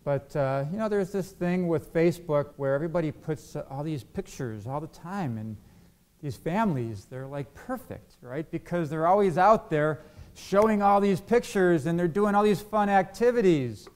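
A man gives a sermon in a church hall and keeps asking his congregation questions. His voice sits a little higher than most men's. He acts out the arguments he quotes. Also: lively intonation, normal speed, a little mellow. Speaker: pastor.

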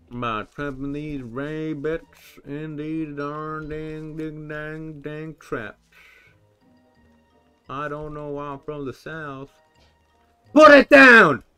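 A young man commenting on a survival game as he plays, rambling and joking with sudden yelled outbursts. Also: on the high side, clear, resonant tone. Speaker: gameplay commentator. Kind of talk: let's play commentary.

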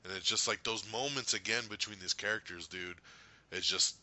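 Excited swearing man reviewing a movie. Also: lowish voice, moderate pace. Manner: excited, swears a lot, laughs often. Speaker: podcast host. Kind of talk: casual movie review chat.

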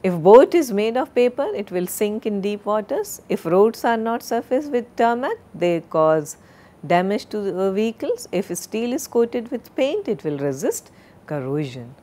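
Slow, deliberate woman lecturer. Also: mid-range voice, very animated, warm tone. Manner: slow, deliberate, drills word pronunciations. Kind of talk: recorded classroom lecture.

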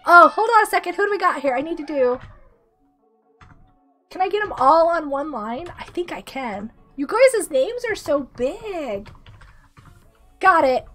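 A woman's voice: very high-pitched, sing-song, a little slow, long pauses, a bit bright, faint music behind. A woman streaming a game live and chatting casually, bubbly and giggly, sick with a cough. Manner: bubbly, giggly, reads chat aloud.

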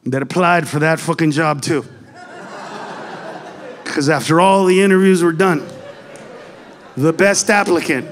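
A man doing a stand-up comedy routine, telling a story with animated bursts of shouting and Spanish phrases mixed in. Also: on the high side, a little slow, long pauses. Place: comedy stage before an audience.

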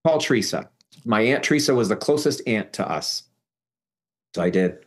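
Man haltingly recounting a frightening memory. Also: lowish voice, animated. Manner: halting, repeating phrases, stumbling restarts. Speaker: podcast guest. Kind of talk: emotional personal storytelling.

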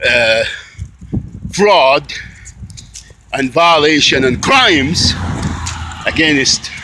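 Out of breath guy ranting slow while pushing a bike uphill, kinda high voice, traffic noise behind. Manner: accusing, repetitive, stops and restarts often. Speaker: vlogger. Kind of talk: angry recorded monologue. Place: outdoors, walking up a hill with a bike.

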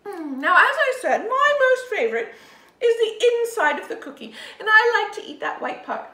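Very high, bubbly woman host. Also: very animated, moderate pace, sharp tone. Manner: bubbly, giggly, exaggerated. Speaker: host of a kids' food segment. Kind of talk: playful show-and-tell for children. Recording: echoey room with faint noise.

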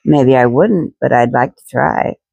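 Woman doing a calm storybook mother, soft and soothing, slightly gravelly, dry close sound. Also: extremely low pitch, a little slow, no room sound, pitched below the performer's own voice, exaggerated voice. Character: gentle caring mother, calm and patient. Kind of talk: storybook reading.

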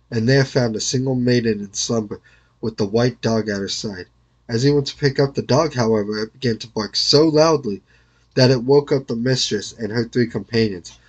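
An older man reading a storybook aloud in a measured, careful way. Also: mid-range voice, breathy edge. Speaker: reader.

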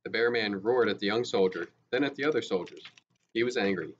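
A male teacher reads a novel aloud at a steady, even pace, stopping now and then to restart a word. His voice is fairly low. The recording is dull and lo-fi, with a faint hiss. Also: brisk.

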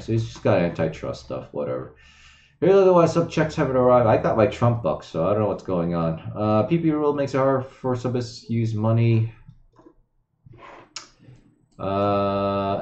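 A man's voice: lowish voice, warm tone, dull audio. Rambling sarcastic man in a roomy recording. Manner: rambling, sarcastic, swearing, many fillers. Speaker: host reading and commenting on crypto news. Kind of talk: casual news commentary.

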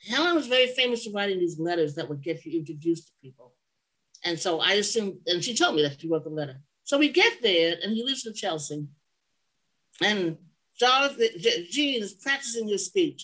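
An older woman recounts family memories in an unhurried oral-history interview. Her voice sits at a medium pitch, and she wanders between tangents, pausing with fillers and revising her own words as she goes. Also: a bit bright, poor audio. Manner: rambling, digressive, corrects herself often. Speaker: interview guest.

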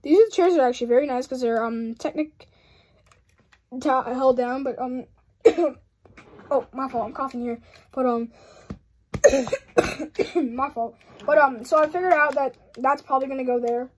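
A young woman with a high voice talks casually while showing off a model she has built. She giggles a lot, trails off, and keeps apologizing as she rambles. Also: normal speed, long pauses. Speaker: hobby channel host. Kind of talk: casual build commentary.

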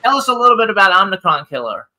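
An enthusiastic male talk show host with a high, bright, forceful voice. He rattles off credits with plenty of fillers in a relaxed chat. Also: rapid-fire, low-quality recording. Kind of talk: casual interview chat.

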